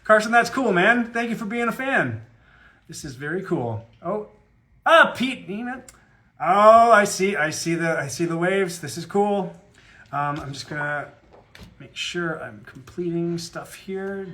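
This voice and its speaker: A man talks through a live fan Q&A, rambling from point to point and cracking self-deprecating jokes. His voice sits slightly high for a man and carries an easy, conversational tone. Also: lively intonation, measured pace, bright, forceful tone. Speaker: guest voice actor at a fan autograph Q&A. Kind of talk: casual live-stream chat.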